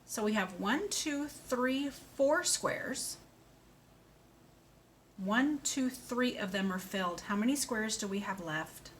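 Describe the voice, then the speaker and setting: Slow, bright, sing-song woman teacher. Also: on the high side, animated, slight background noise. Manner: slow, clear, sing-song and encouraging, with animal sounds. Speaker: speech therapist. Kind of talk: slow children's lesson.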